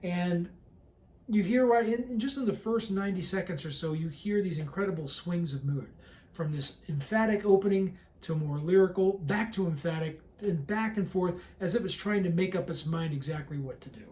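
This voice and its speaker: A man giving a relaxed, conversational pre-concert lecture as a cellist and director, explaining a piece and humming along with its phrases. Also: high-pitched, normal speed, slight background noise. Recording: echoey room with faint music.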